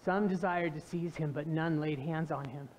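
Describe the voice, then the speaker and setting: A woman's voice: low voice, moderate pace, a little hiss or hum. A woman pastor preaching a sermon, telling the story with animation and putting questions to the congregation. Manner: animated storytelling, acting out quoted voices.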